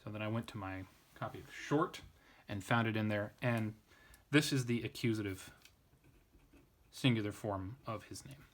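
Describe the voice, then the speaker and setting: A man's voice: fairly low pitch, moderate pace, long pauses. A man giving an informal Latin grammar lesson, thinking aloud, often restarting and correcting himself. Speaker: Latin tutor.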